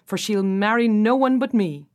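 A woman's voice: mid-range voice, normal speed, lightly acted. A woman voicing a determined, lovestruck young prince in a storybook, ardent and vowing.

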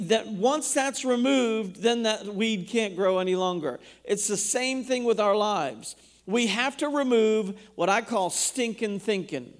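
A high-pitched man preaches in a church. He reads scripture aloud and turns to ask the congregation questions as he goes. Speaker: pastor. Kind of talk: sermon.

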